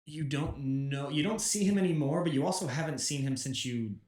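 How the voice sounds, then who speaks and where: A man's voice: on the high side, a little fast, a little mellow. A man acting as game master, explaining rules and scenes with frequent restarts. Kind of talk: running a tabletop game. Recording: roomy echo.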